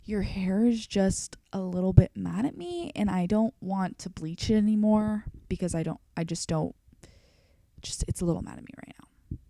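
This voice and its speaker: A woman voicing a nervous young female hairstylist who hesitates, fills with "um" and soothes in a high voice. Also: lively intonation, moderate pace, vocal fry, mellow, dry recording. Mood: hesitant.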